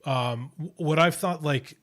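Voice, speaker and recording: A man's voice: a little high, measured pace, a bit bright. A man hosting a casual livestream chat, talking in a rambling way with lots of restarts and fillers. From Australia. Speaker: host.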